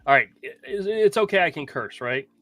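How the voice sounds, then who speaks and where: A man telling a story in a casual podcast chat, animated and swearing freely. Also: a little high, brisk, no echo. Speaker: podcast co-host.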